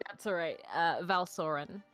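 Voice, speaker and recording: A woman playing a character in a tabletop game, speaking in a polite and unhurried way. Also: on the low side, fairly bright tone, faint music behind. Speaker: player.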